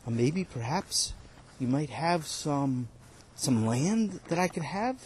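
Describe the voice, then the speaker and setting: A man's voice: fairly high pitch, animated, slow pace, darkish tone, a little hiss or hum. A man voicing a poor, timid farmhand who hesitantly pleads for his wages. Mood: timid pleading. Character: poor timid male farmhand asking for pay.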